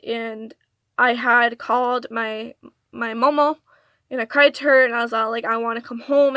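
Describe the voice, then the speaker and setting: A woman's voice: fairly high pitch, bright, forceful tone, no echo. A young woman telling a personal storytime in an earnest, confessional way. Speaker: vlogger. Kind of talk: storytime vlog.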